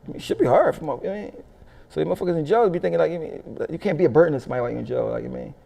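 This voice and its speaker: A middle-aged man rattles through his stories at a rapid clip, his voice dark and gravelly. He curses freely, laughs often and acts out the people in his stories. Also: a little high. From Philadelphia. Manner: profane, animated storyteller who laughs often. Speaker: interview guest. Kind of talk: casual storytelling interview.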